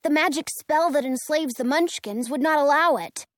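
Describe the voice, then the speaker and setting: A woman's voice: high-pitched, moderate pace, dry recording, studio quality, voice pushed up, lightly acted. A woman reading aloud voices a polite Munchkin guard, speaking earnestly and dropping hints.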